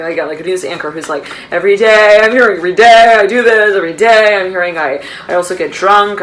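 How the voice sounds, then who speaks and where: A woman gives an intuitive tarot reading in a rambling, repetitive way, dotted with fillers and laughs. Her voice sits somewhat low for a woman. A faint hiss of background noise runs underneath. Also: fairly bright tone, low-quality recording. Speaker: tarot card reader.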